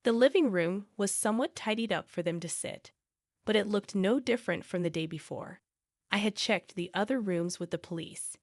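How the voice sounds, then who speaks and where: A woman narrating a first-person family drama story in a steady, plain way. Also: medium pitch, no room sound, clean studio sound.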